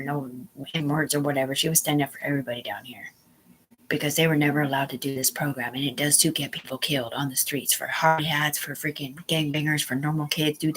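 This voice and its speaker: Gravelly-voiced woman rambling on a livestream. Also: low voice, low-quality recording. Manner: profane, rambling, often drops to a whisper. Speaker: livestream host.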